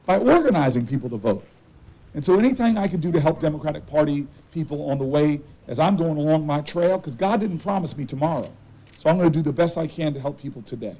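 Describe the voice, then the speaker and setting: A man's voice: fairly high pitch, warm tone, low-quality recording. A man in his forties from New Jersey, a politician giving a campaign speech outdoors, telling stories with preacher-like repetition. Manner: folksy storytelling with preacher-like repetition.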